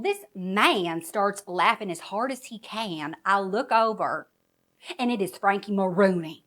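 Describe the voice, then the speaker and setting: A woman's voice: medium pitch, fairly bright tone. A woman telling a comedic story as a waitress, in a sassy, brash way.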